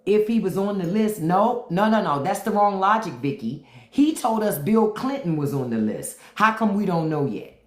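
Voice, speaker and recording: With a mid-range voice that swings widely in pitch, this woman speaks at a moderate pace. She's a livestream host offering unfiltered commentary in AAVE, bluntly taunting commenters and asking them the same question again, while her mic carries a roomy echo.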